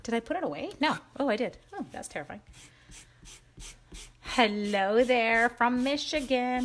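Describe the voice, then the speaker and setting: A woman's voice: fairly high pitch, expressive, measured pace, pauses often, slight background noise. A woman hosting a live crafting stream, chatting with viewers by name and joking at her own mistakes as she works. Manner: chatty and self-mocking, greets viewers by name. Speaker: crafting livestream host.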